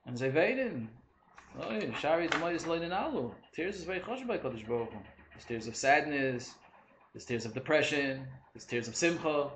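A man leading a casual Torah study discussion, animated and questioning, mixing in Hebrew and Yiddish terms. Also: on the high side, normal speed. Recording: echoey room with faint noise.

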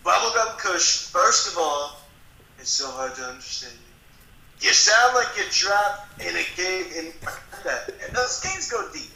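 A condescending, rambling older father who brags about himself, in a gravelly and piercingly bright voice, as a man puts him on. He sits in an echoey room. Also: high-pitched, expressive, unhurried, exaggerated voice. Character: blustering older father, a famous politician.

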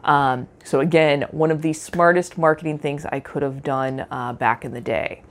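Upbeat, chatty woman with a lowish voice. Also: fairly even intonation, moderate pace. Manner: upbeat, chatty, many ums and uhs. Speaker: podcast host and art teacher. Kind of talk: solo podcast monologue.

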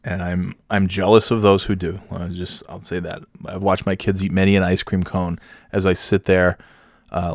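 A man's voice: low-pitched, vocal fry, dry recording, clean studio sound. A man telling a rambling comic story about himself, self-mocking and swearing freely. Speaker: comedian storyteller.

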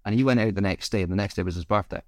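Lower-voiced man telling stories. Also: racing, no echo, studio quality. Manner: swearing, laughing anecdote teller. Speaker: podcast co-host. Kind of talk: casual storytelling chat.

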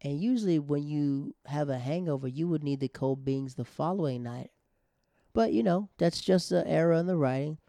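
A man's voice: a little high, moderate pace, vocal fry, warm tone, no echo. A man casually recapping a TV episode in loose slang, joking about the writers as he goes. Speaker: TV show recapper.

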